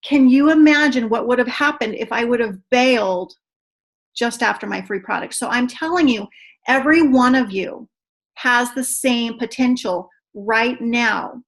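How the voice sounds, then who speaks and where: A woman leading an online team training, chatty and excitable, often saying "you guys.". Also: on the high side, measured pace. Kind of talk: online video call training. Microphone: video call.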